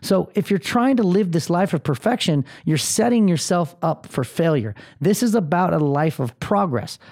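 A podcast host in his thirties delivers a rambling motivational monologue, blunt and full of swearing and filler words. His voice is high with a darkish tone.

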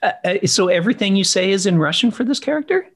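A man hosting a casual podcast interview, asking relaxed, curious questions. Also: high voice, fast, slightly rough. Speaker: podcast host.

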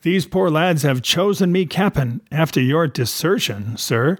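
A man's voice: fairly high pitch, animated, measured pace, no room sound, studio quality. A man doing a cheery, wheedling old pirate. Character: cheery, wily one-legged male pirate chief.

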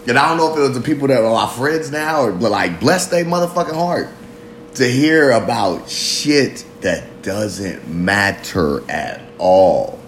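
A man's voice: mid-range voice, lively intonation, a little slow, slight background noise. A man in his thirties hosting a solo confessional monologue, rambling, swearing a lot and mocking himself with frequent laughs. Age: 30s. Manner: rambling, profane, self-mocking, laughs often. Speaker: podcast host. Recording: roomy echo.

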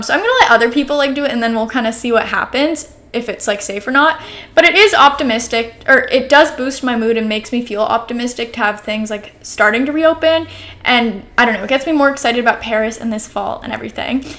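A woman's voice: a little high, bright, forceful tone. A nineteen-year-old woman from the US West Coast hosting a casual solo podcast, rambling chattily with lots of "like" and "um". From Oregon, US West Coast. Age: teens, about to turn twenty. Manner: chatty, rambling, heavy use of "like" and "um"; upbeat and caffeinated. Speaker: podcast host.

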